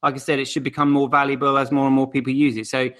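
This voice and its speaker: A man's voice: mid-range voice, flat delivery, racing, a bit bright. A man co-hosting a casual show, explaining at length and repeating his points. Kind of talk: casual chat on a live show.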